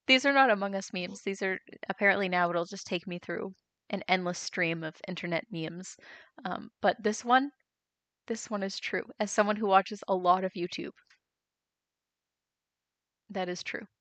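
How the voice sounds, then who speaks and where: A woman's voice: medium pitch, fairly even intonation, moderate pace, a bit bright, no echo. Chatty young woman streamer. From United States. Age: young adult. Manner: chatty, reads chat aloud and reacts with laughs. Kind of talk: casual live-stream chat.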